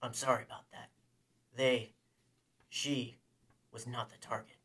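A man's voice: mid-range voice, measured pace, slightly rough. A man voicing a cold, harsh armored bounty hunter. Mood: subdued. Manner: flat, soft and clipped.

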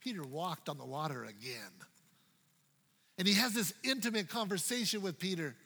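A male pastor preaching a sermon in a playful, dynamic way, swinging from loud to hushed. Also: high voice, animated, moderate pace, vocal fry, husky, in a large hall.

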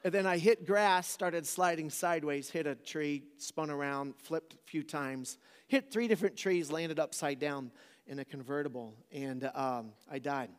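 Male preacher, forties, joking storyteller, slightly high voice, long hall reverb. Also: a little slow, clear, resonant tone. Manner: casual, joking, asks the crowd questions. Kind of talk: storytelling sermon to a live audience.

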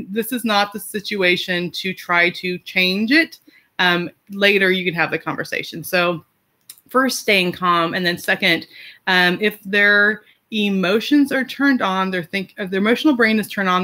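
At normal speed and medium pitch, a parent in her forties gives casual advice in a bright, forceful tone. Her chatty talk is full of fillers and restarts, with light laughs breaking into her sentences.

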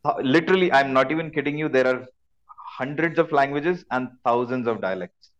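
An eager man joins the podcast as a guest over a video call. His pitch sits in the middle, and he often repeats himself in bursts of enthusiasm. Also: brisk, dull audio. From India. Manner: eager, repeats words, chuckles. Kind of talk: casual remote interview.

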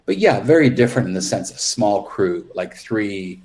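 A man's voice: lowish voice, expressive, moderate pace, a little mellow. A man guest on an interview podcast, candidly recounting his film work in a rambling way with frequent restarts. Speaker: makeup artist guest. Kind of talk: casual interview storytelling.

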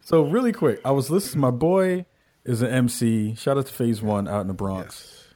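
An adult man hosts a podcast in easy, joking banter. He tells stories in an animated rush and never sits still on one thought. His voice sits in an ordinary middle pitch for a man. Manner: animated, joking, fast storytelling. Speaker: podcast host.

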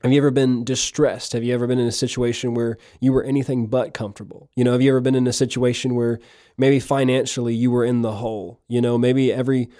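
A man delivering a relaxed, conversational podcast sermon in a mellow, warm voice at an ordinary pitch. He leans on rhetorical questions and slips in chuckling asides. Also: fast talker. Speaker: podcast preacher.

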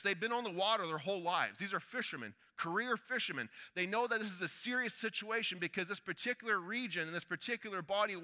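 A man preaching a sermon, telling a story that swings between loud urgency and hushed quiet. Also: high-pitched.

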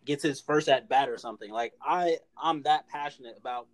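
A man, co-hosting a casual sports chat, animated and full of restarts. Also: mid-range voice. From Philadelphia area. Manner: animated, talks fast with repeated restarts. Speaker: podcast co-host.

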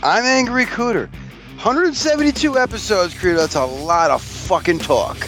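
A man's voice: high voice, animated, normal speed, fairly bright tone, soft background music. A man co-hosting a podcast in casual chat, teasing and sarcastic. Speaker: podcast co-host.

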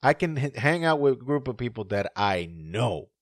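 A man co-hosting a podcast in casual chat, animated and profane, laughing often. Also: medium pitch, moderate pace, no room sound, clean studio sound. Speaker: podcast co-host.

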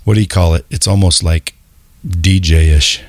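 Man, 50s, raspy, very deep, jokey, dry close sound. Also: steady tone, moderate pace, no echo. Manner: joking, self-mocking. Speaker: podcast host. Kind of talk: casual interview chat.

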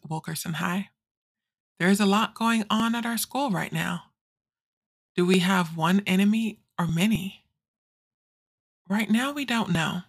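An actress playing a quirky teenage girl who reads the morning school announcements in an audio drama, with a breezy, deadpan delivery. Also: medium pitch, gravelly, breathy edge.

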